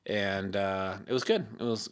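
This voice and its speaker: A man with a fairly low voice tells a long, rambling story as a podcast guest. He fills it with "uh" and "like", laughs often, and acts out what other people said to him. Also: measured pace, smooth. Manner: acts out quoted lines in his story. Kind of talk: casual storytelling chat.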